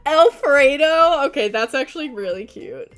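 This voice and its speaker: A young woman streaming a game, chatting casually and breaking into loud laughing shrieks. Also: on the high side, lively intonation, a little slow, faint music behind. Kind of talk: casual gaming stream chat.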